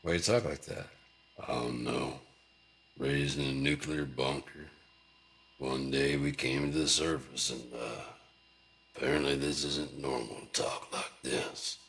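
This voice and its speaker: A man's voice: extremely low pitch, steady tone, unhurried, gravelly, fairly bright tone. A man vlogging in a rambling, profane, joking monologue.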